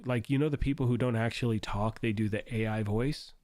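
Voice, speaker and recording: A man hosting a gaming livestream, hoarse and losing his voice, rambling and thinking out loud while reading chat. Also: on the low side, steady tone, fairly quick, no room sound, studio quality.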